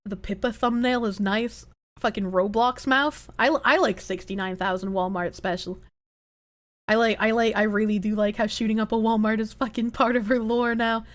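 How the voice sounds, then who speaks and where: A woman's voice: fairly high pitch, moderate pace. A woman livestreamer chatting casually, swearing freely as she reacts to videos. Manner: animated, profane, reacting to videos. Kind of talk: casual chat.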